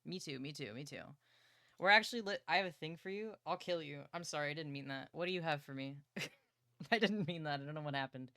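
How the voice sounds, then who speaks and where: A young woman livestreaming from her partner's home setup, chatting excitedly and playfully about books and swearing casually. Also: sits low, a little fast, no echo, clean studio sound.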